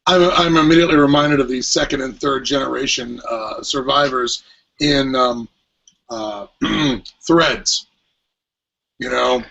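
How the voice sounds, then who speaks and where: A man's voice: mid-range voice, a little slow, vocal fry, bright, forceful tone. A man co-hosting a podcast, talking in a rambling, hesitant way with many fillers. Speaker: podcast co-host. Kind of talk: casual podcast discussion. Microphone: headphones with mic at home. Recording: dull lo-fi podcast audio.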